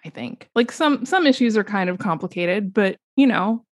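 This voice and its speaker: A woman's voice: medium pitch, expressive, normal speed, no room sound, studio quality. A woman co-hosting a podcast in casual chat, frank and profane, laughing often. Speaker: podcast co-host.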